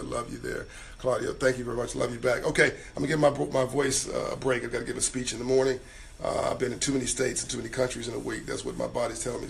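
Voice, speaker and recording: A man hosting a live stream, hoarse and tired, giving motivational advice and reading out viewer comments in a casual way. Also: mid-range voice, a little hiss or hum. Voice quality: raspy. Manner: motivational, urges viewers to act.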